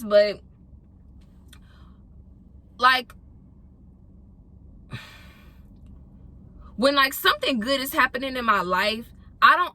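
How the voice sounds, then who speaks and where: A young woman from Houston, telling a travel story to her vlog viewers in a casual, animated way and acting out what people said. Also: fairly high pitch. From Houston, Texas. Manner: animated, acts out other people's lines in quoted voices. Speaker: vlogger.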